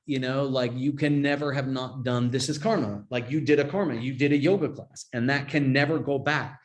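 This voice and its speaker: A man teaching a yoga and Buddhism class in a casual, chatty way, often checking in with "right?". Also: medium pitch. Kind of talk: informal class talk.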